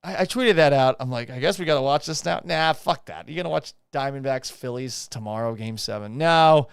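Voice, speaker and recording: A man's voice: medium pitch, brisk, creaky, clear, resonant tone, no echo, clean studio sound. A man hosting a live podcast stream, ranting casually and profanely while reading chat comments. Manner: profane, animated and sarcastic. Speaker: podcast host reacting to a baseball loss.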